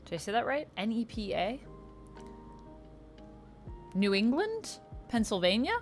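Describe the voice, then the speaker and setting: A woman's voice: a little high, sing-song, a little slow. A woman chatting casually on a livestream while she colors, reading out and thanking viewers. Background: faint background music.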